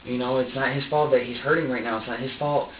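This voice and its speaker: A man's voice: mid-range voice, steady tone, fast talker, slight background noise. A man who is a suspect in a police interrogation room, giving an emotional confession. He talks in an agitated way, swears a lot, and stops and restarts often. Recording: echoey, distant, dull room recording.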